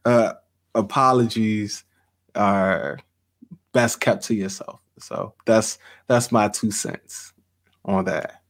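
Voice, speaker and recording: A man's voice: lowish voice, takes it slowly. Laughing storytelling man. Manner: storytelling, laughs often, addresses audience as y'all. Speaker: podcast host and author. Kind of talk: casual livestream chat.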